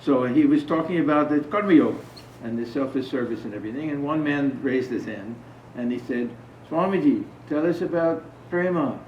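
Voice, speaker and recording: A man with a medium-pitched voice speaks a little fast, hardly pausing, over a faint hiss or hum. He gives an informal spiritual talk to a small gathering, chatting casually, telling stories and putting questions to his listeners. The recording sounds roomy, distant and dull.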